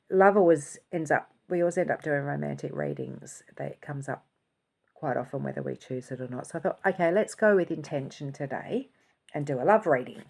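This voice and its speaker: A woman with a slightly husky, breathy voice that sits on the low side gives a casual spiritual reading to camera. She chats loosely and thinks aloud as she works. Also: darkish tone. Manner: chatty, thinking aloud, yawning and laughing. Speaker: intuitive channeler and reader.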